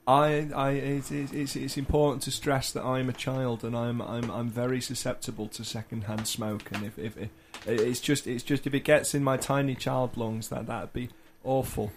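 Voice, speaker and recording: A man's voice: mid-range voice, little pitch movement, moderate pace, few pauses, slight background noise, lightly acted. A man improvising a precocious, nagging little girl who stammers and insists, in a comedy role-play.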